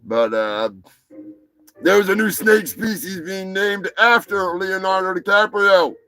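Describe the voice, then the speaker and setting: A man's voice: sits high, takes it slowly, low-quality recording. A man hosting a live stream, rambling and crude in a comedic chat. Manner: rambling, crude, mock-shouting.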